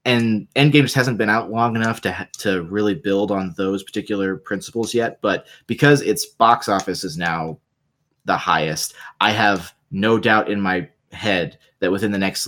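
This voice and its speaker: A man co-hosting a casual pop-culture podcast, his voice sitting on the lower side. He talks in eager bursts, restarting sentences and piling on caveats. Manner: animated, stammering restarts, fond of caveats. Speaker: podcast co-host. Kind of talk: casual chat.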